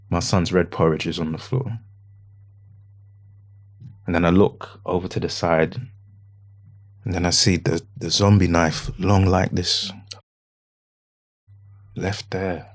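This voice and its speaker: A man on a podcast recounting a painful personal experience. He speaks haltingly, repeats phrases, quotes his own words, and often drops to a hushed voice. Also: low-pitched. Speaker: podcast guest. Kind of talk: emotional personal account.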